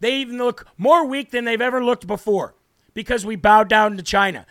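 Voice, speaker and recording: A male political talk host with a strikingly high voice and a brash, forceful delivery. He hammers his points home in short repeated bursts, recorded dry and close with no room sound. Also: fairly even intonation, moderate pace, no echo. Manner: brash, emphatic, repeats for emphasis. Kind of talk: live political commentary.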